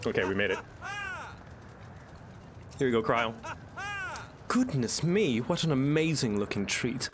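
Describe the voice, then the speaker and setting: A man's voice: medium pitch, animated, a little slow, pauses often, noisy background. A man casually commenting while he plays a video game, reading lines aloud and cooing at a pet. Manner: playful, reads game dialogue aloud, coos at pets. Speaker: streamer. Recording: game music playing behind.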